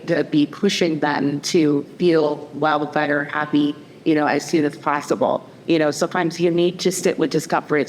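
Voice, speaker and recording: A woman counselor speaking on a panel, talking in a loose, conversational way with many fillers and restarts. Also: low-pitched. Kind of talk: panel discussion. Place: community event hall. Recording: echoey hall, faint background noise.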